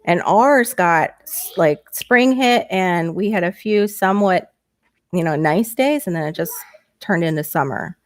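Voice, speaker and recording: A middle-aged woman chats casually with her livestream viewers through a headset mic, laughing easily and going higher when she gets excited. Her voice sits fairly low, and the sound is dry and close with no room echo. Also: unhurried. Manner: chatty, laughs often, voice jumps up when excited. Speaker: livestream host reading viewer chat. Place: small home bedroom.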